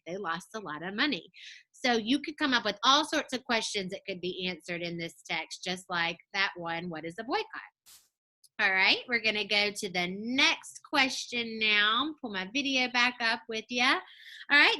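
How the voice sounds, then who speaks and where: A woman teaching a second grade reading lesson on video, patient and encouraging, speaking clearly for young children. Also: a little high, sharp tone.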